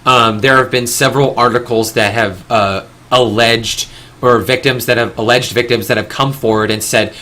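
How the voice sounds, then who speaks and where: Bright-voiced young man rambling earnestly. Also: medium pitch, steady tone, normal speed. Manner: rambling, earnest, with frequent restarts. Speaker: discussion host. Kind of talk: casual panel discussion.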